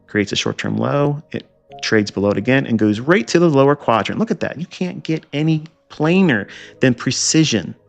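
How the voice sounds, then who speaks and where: A trading educator lectures on chart trading in a medium-pitched, creaky voice, animated and at normal speed, with soft music in the background. He's emphatic and repetitive, firing off rhetorical questions and scolding asides.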